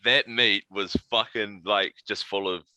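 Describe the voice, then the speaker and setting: A man's voice: lowish voice, fairly even intonation, unhurried, over a noisy crowd. A man from New Zealand co-hosting a podcast, chatting in laid-back, sweary banter. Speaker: podcast co-host. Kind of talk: casual chat.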